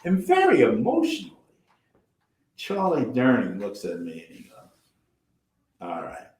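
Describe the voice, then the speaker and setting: An older actor telling animated backstage stories in a casual chat, acting out quotes and swearing freely. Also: male voice, medium pitch, normal speed, roomy sound. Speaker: actor guest. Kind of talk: storytelling over drinks.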